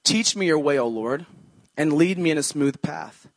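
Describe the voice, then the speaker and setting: A man's voice: fairly high pitch, expressive, moderate pace, no echo. A young man preaching a sermon as a pastor, in an earnest, conversational way, quoting scripture as he goes.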